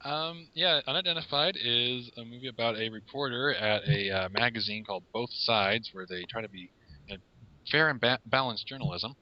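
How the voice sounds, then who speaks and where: A man appearing as a guest reviewer on a podcast, calmly summarizing a film's plot. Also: mid-range voice, no echo. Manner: measured, explanatory, summarizing plots. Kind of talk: casual interview. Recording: lo-fi podcast recording.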